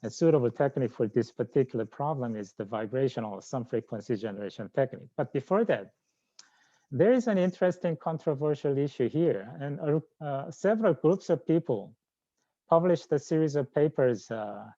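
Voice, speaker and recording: A middle-aged man with a Korean accent giving a scientific research lecture, halting often with fillers and restarts. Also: mid-range voice, lively intonation, warm tone, no room sound. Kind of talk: academic lecture. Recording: dull lo-fi sound.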